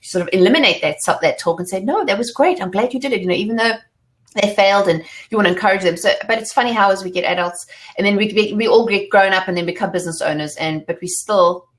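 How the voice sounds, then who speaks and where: A woman's voice: mid-range voice, fast talker. A middle-aged woman from South Africa hosting a casual interview, chatty with lots of fillers and restarts. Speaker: host.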